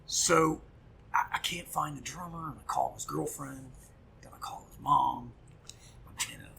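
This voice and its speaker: A middle-aged man, a punk musician guest, telling a story in casual chat, animated and profane, acting out quoted dialogue. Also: mid-range voice, a little slow, gravelly, a little hiss or hum.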